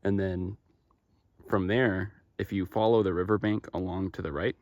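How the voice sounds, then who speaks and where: Filming his hike on a mountain trail, a man narrates casually to the camera or phone in his hand, chatty and self-deprecating. He has a deep, steady, slightly mellow voice at a moderate pace, with dull audio and no room sound.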